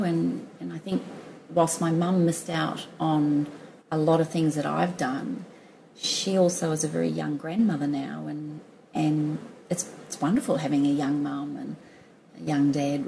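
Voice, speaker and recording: Low gravelly woman telling a story. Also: a little hiss or hum, low-quality recording. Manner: warm, laughing, many restarts and fillers. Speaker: podcast guest. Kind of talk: storytelling in a conversational interview.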